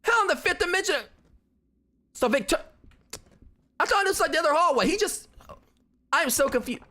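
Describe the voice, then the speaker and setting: A man playing a horror game on a livestream, animated, exclaiming and teasing his friend. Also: very high-pitched, a little fast. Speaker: livestream gamer. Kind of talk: casual gaming chat. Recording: faint game music behind the voice.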